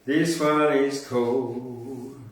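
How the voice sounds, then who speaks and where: A man hosting a relaxed poetry podcast, chatting casually between the poems he reads. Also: mid-range voice, extremely slow. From Australia. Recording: very echoey room, voice far from mic.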